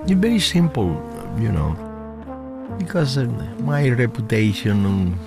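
A man in his seventies, a non-native English speaker, tells lively stories in a casual interview, laughing often. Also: mid-range voice, unhurried, vocal fry, music in the background. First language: not English. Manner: animated storyteller, laughs often, broken English. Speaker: guest musician.

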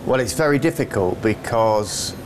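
A man's voice: fairly low pitch, animated, moderate pace, background noise. A man working as a news correspondent, answering live questions in a conversational, thoughtful way with occasional fillers.

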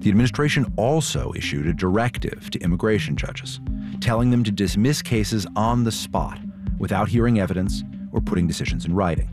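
A man reporting, reading a scripted story narration in a measured, steady way and interviewing guests. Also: fairly low pitch, over music. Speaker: reporter and host.

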